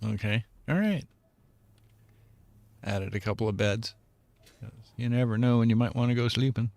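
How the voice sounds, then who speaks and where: While gaming, a man from the United States chats casually as co-host, joking around, rambling, and laughing frequently. He speaks at normal speed with a medium-pitched, slightly mellow voice, and the recording is dry.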